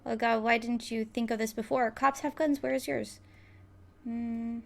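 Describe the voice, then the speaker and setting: A woman's voice: fairly high pitch, fairly even intonation, unhurried, creaky, a little hiss or hum. A woman giving playful, casual commentary while playing a game, reading its text aloud and laughing often. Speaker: let's player.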